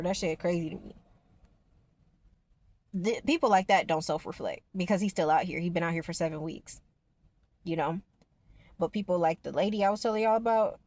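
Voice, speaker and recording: A woman's voice: mid-range voice, normal speed, a little mellow. A woman vlogger talking casually to her viewers about spirituality, rambling and emphatic, with the odd swear word.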